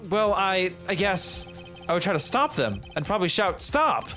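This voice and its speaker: A man voicing an earnest, flustered young male defense lawyer, eager and loud, in a fan read of a game. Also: sits high, sing-song, normal speed, faint music behind, exaggerated voice.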